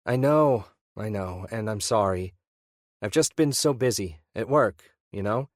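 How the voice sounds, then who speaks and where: A man's voice: on the low side, expressive, a little slow, no room sound, clean studio sound. A male narrator voicing a worried younger brother on a phone call who forces a cheerful tone. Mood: forced cheer. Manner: strained, falsely upbeat.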